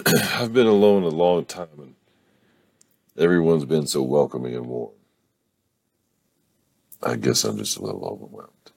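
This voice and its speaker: A man voicing a shy, emotional young woman who speaks haltingly in a storybook reading. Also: a bass voice, gravelly, breathy edge, no echo, full character voice. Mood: apologetic. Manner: halting, soft-spoken.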